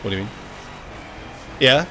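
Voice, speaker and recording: A man's voice: medium pitch, expressive, measured pace, bright, forceful tone, soft background music. A young man ranting and joking casually to his chat during a gaming livestream. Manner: jokey, ranting, reacts to chat, swears casually.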